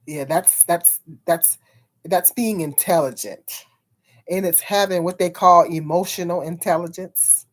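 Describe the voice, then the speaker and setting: A woman chatting on her own livestream in a slightly low voice, talking frankly to whoever drops in. She rambles, circles back over her words and laughs often between thoughts. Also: a little slow. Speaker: livestream host. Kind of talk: casual livestream chat.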